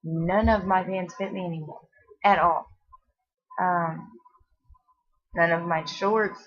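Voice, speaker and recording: A woman's voice: lowish voice, fairly even intonation, slow. A pregnant woman in her twenties, short of breath, chatting casually in a rambling home vlog with lots of fillers and restarts. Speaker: vlogger. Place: at home, seated. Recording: dull lo-fi home video audio.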